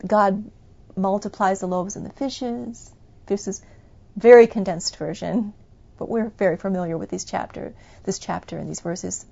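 A woman's voice: medium pitch, vocal fry. Fervent woman preaching, dull lo-fi sound. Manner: fervent, emphatic preaching with sudden loud bursts. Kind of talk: sermon.

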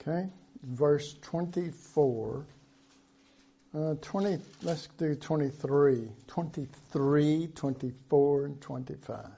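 Slow, mellow-voiced male preacher. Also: a little high, creaky, breathy edge, highs cut off. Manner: slow, conversational preaching with Bible reading and asides. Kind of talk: sermon.

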